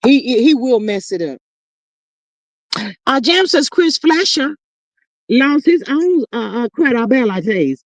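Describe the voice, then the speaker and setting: A high-voiced woman hosts a casual live stream and reacts to viewer comments. She sounds sassy and animated, and she keeps calling her viewers "child" and "honey." Her pitch swings widely, and the sound is close and dry. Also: unhurried, long pauses, no echo. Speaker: livestream host reading chat.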